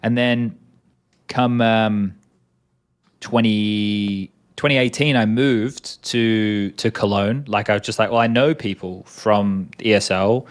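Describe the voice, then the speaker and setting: A man's voice: on the low side, steady tone, slow pace, clean tone. An Australian man in his thirties, chatting casually as an interview guest, rambling with many restarts.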